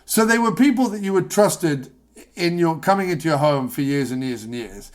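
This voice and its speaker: British podcast host rambling on, jokey, sardonic, bit high voice. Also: male voice, expressive, normal speed. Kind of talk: casual chat.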